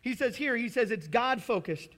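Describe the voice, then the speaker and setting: Animated, bright-voiced male preacher. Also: very high voice, moderate pace. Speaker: pastor. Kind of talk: sermon.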